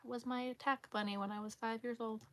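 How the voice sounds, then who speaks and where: A woman vlogger casually telling a story in an animated, exasperated way. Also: on the high side, fast talker. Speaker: crochet vlogger.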